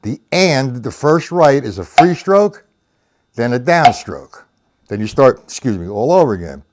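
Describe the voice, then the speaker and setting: A man teaching a live-streamed drum lesson, explaining patiently and counting the sticking aloud in a low murmur. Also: big pitch swings, slight background noise. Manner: slow, patient explaining, reads out chat names. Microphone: webcam or computer mic on a live stream.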